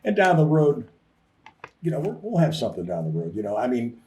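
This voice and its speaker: A man's voice: mid-range voice, wildly swooping pitch, a little fast, dark tone, distant mic, a little hiss or hum. A man co-hosting a sports talk show, rambling in a loose, self-interrupting way. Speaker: co-host. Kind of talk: casual sports talk chat.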